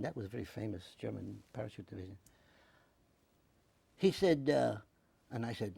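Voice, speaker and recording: A man's voice: mid-range voice, brisk, gravelly, slightly rough, no echo. An older man from the United States with a New York accent, recounting memories in an oral history interview and acting out other people's words. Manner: animated, acts out voices in quotes. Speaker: veteran interviewee.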